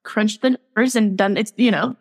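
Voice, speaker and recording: A woman's voice: mid-range voice, normal speed, gravelly, darkish tone. A young woman speaking candidly as a podcast guest, laughing often and filling her talk with "like". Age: young adult. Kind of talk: casual podcast interview.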